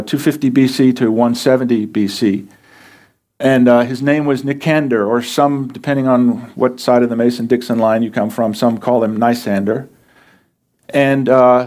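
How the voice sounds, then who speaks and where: A man's voice: mid-range voice, darkish tone. A pastor preaching a sermon in a plain, conversational way, asking his listeners questions as he explains scripture.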